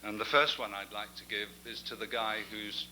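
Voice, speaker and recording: A man's voice: on the low side, fairly even intonation, normal speed, bright, forceful tone, a little hiss or hum, poor audio. An older man with an English accent giving a genial, anecdotal after-dinner speech as the guest speaker.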